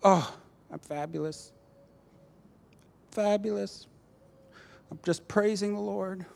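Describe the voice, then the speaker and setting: A man's voice: very high-pitched, steady tone, takes it slowly, a little mellow, in a large hall, pitched above the performer's own voice. A man voicing a cheerful, breezy woman who hides her sadness, in a sing-song manner. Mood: bubbly.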